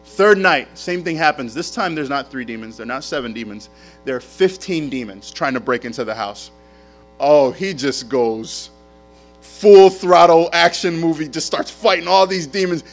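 A man preaching a sermon as a pastor, telling stories in an animated way with casual slang. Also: a little high, normal speed, soft background music.

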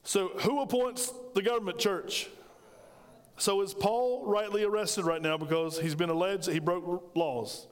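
A man delivers a sermon in a bright, high register, speaking plainly and with force. He calls out to the congregation and drives his points home. His voice carries a long reverb in a church hall. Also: fairly even intonation, moderate pace. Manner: emphatic, conversational preaching with call-and-response to the congregation. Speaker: pastor. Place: church sanctuary.

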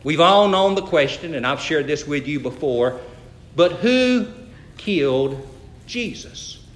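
A man's voice: fairly high pitch, lively intonation, slow pace, reverberant. A man preaching a sermon, telling stories and rising to emphatic scripture reading. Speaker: pastor.

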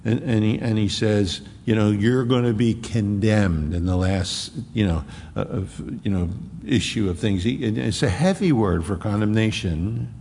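A man's voice: on the low side, normal speed, a little mellow, long reverb tail. A man preaching a sermon as a pastor, with emphatic repetition.

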